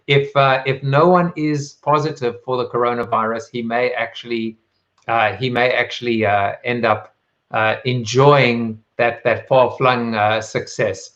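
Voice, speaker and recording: A man with a South African accent hosting a live talk show, rhetorical and playful with quick asides. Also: mid-range voice, a bit bright, muffled recording. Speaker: show host.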